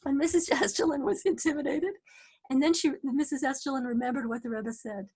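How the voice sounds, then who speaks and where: A woman casually telling a story, animated, with many restarts, acting out the voices of the people in it. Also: high voice, a little fast.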